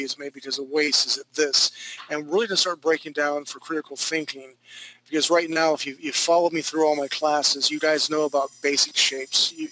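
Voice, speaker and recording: This drawing instructor, teaching live online from his home studio, jokes and muses aloud while sketching. His voice is on the high side, bright and forceful, and the audio is poor.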